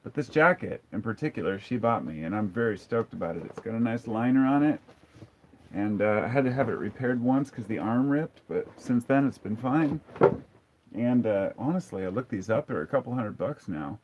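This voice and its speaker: A man's voice: mid-range voice, animated, normal speed, background noise. A man in his forties hosting a casual live stream, candid and blunt as he answers viewer comments. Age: 40s. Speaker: livestream host. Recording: dull lo-fi sound.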